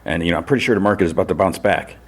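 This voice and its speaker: A man with a very low, deep voice hosting a casual podcast. He retells a TV episode scene by scene with plenty of fillers. He jumps up in pitch to act out each character's lines. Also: very fast, slightly rough. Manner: loose storytelling that acts out characters' lines in a raised voice; many fillers like "you know" and "like". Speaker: podcast host recapping TV episodes.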